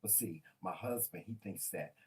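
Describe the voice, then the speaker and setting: A man co-hosting a casual talk show, animated and colloquial, often laughing as he tells stories. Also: low-pitched, normal speed. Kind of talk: casual chat.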